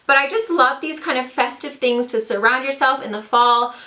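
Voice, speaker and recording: Bubbly and gushing, this young woman shows off her favorite fall finds in a casual haul vlog, saying "like" a lot along with "so cute." Dental trays give her a slight lisp, and her voice is a little high and fairly bright.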